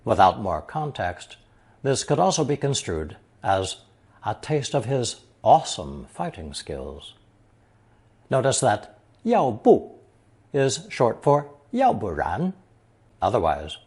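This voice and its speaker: A man reads through a language lesson at a slow, careful pace. His voice carries a touch of breathiness, and his pitch swings widely as he stresses words. He gives each example sentence and then its translation. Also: huge pitch swings, a little mellow, husky. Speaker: language teacher. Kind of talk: scripted language lesson narration.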